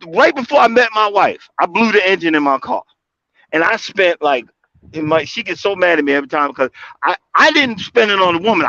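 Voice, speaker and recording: A man on a livestream call telling casual stories, animated, acting out quotes with big jumps in his voice. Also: high voice, dry recording. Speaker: guest speaker on a livestream call. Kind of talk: casual storytelling. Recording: dull lo-fi livestream audio.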